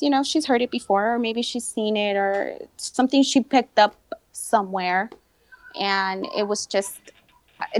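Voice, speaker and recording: A woman weighs in on a casual chat, hesitant and full of fillers. Her voice sits a bit high and sounds dry and close, with no room around it. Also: no room sound.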